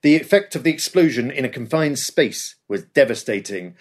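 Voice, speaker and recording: A man's voice: medium pitch, lively intonation, normal speed, hardly any pauses. A man reading scripted history narration with a dramatic storytelling delivery. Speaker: podcast host.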